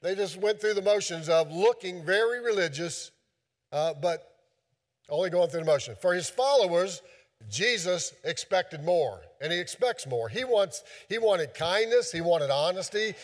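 A man's voice: sits high, lively intonation, normal speed, big-room sound. A man preaching a sermon as a pastor, folksy and loose, with many fillers and restarts.

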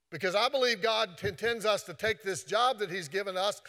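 A man's voice: sits high, fast, few pauses, a bit bright. A man preaching a sermon in an earnest, repetitive way, quoting scripture often.

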